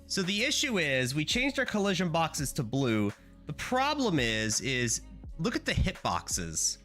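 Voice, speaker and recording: A bright, lively male streamer chatting casually from his apartment. He talks through a sore throat, and his voice bounces all over with excitement as he breaks into high, playful greetings. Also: measured pace, faint music behind. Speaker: game dev streamer. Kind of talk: casual live stream chat.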